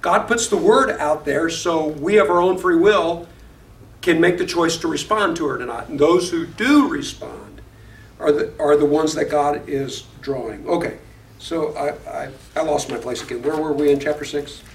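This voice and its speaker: Higher-voiced man teaching a Bible class. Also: moderate pace, creaky. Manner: reads verses aloud and explains them, questions the class. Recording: echoey room, voice far from the mic.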